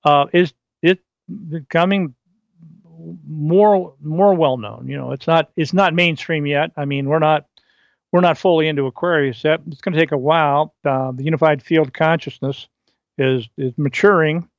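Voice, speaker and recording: A man hosting a solo podcast, reading from his articles and riffing off script in a rambling, halting way with many fillers and restarts. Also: a little high, no room sound, muffled recording. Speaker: podcast host.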